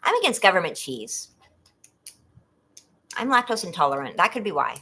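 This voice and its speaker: A woman's voice: on the low side, very animated, moderate pace, bright, forceful tone, breathy edge. A woman from California hosting a casual trivia livestream, chatty and giggling often as she reads questions and talks to viewers.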